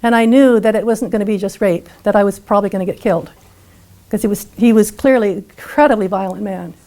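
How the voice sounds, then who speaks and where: A woman's voice: mid-range voice, fast talker, dark tone. A woman speaker retelling a personal story to an audience, vivid and dramatic. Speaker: featured speaker.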